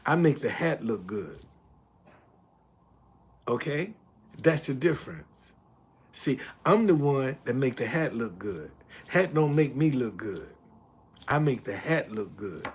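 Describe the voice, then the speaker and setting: Speaking slowly with frequent pauses, this older man's slightly rough voice carries a profane, emphatic story about a confrontation, full of repetition. He's loud and animated in the retelling but goes quiet when he turns to his live stream viewers' chat.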